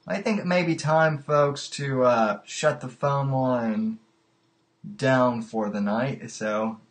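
Male call-in show host, slow and stammering, laughing at callers. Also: medium pitch. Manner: halting, repeats his words, laughs often. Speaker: podcast host. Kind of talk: live call-in show chat.

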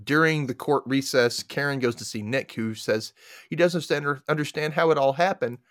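A man hosting a podcast, recapping a movie plot in casual chat as an animated storyteller with sarcastic asides. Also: medium pitch, a little fast, no echo, studio quality. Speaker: podcast host.

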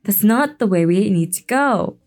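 Give me a curt, impatient young woman, read by a woman in a soft, dark voice. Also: mid-range voice, lively intonation, moderate pace, faint music behind, natural voice. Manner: curt, snapping.

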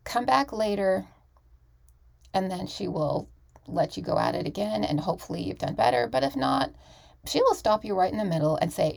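Candid woman podcaster with a gravelly edge. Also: medium pitch, sing-song, normal speed, a little mellow. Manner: candid and emphatic, with frequent restarts. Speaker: podcast host. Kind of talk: casual solo podcast monologue.

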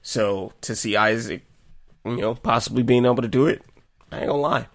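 A young man co-hosting a podcast in casual chat, animated and profane, laughing often. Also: medium pitch, a little fast, vocal fry, no echo. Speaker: podcast co-host.

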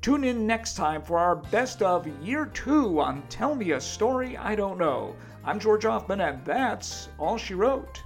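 A podcast host reading out thanks and credits in a measured way. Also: male voice, high voice, big pitch swings, vocal fry, soft background music. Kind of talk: scripted outro.

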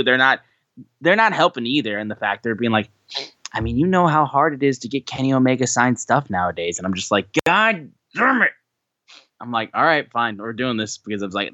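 A young man co-hosting a podcast, telling stories in a casual, animated way and acting out what others said. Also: medium pitch, no room sound, lo-fi sound. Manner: animated, acts out quoted voices, swears casually. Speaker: podcast co-host.

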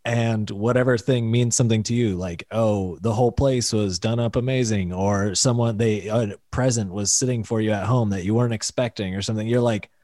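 A man's voice: on the low side, steady tone, a little fast, hardly any pauses, warm tone, no room sound, studio quality. A man in casual podcast chat, thinking through an answer hesitantly.

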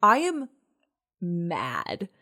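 A young woman co-hosting a chat podcast, telling a personal story in an animated way and acting out what people said. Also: on the low side, drawn-out words. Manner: animated, acts out quoted voices. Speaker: podcast co-host.

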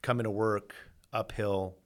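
A man, a mortgage agent guest on a podcast, talking in an easygoing, measured way with dry humor. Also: fairly low pitch, steady tone. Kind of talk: casual chat.

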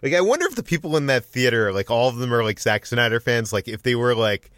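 A man hosting a podcast in a casual way, quick and loose as he leads the discussion. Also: medium pitch, animated, a bit bright, no echo, clean studio sound. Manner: quick, loose, leading the talk. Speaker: podcast host, editor-in-chief.

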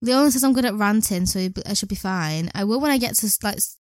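A woman's voice: medium pitch, brisk, dry recording. A young British woman with an English accent hosting a solo podcast, rambling from topic to topic and swearing freely. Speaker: podcast host.

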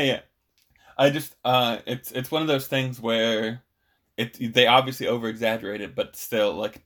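A man's voice: on the low side, a bit bright. Hesitant, rambling male podcast co-host. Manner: rambling, hesitant, with many restarts and fillers. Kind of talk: casual chat.

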